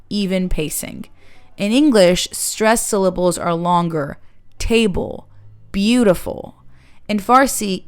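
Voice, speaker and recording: A woman giving a calm, measured lesson as an accent coach, explaining sounds step by step. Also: on the low side, smooth.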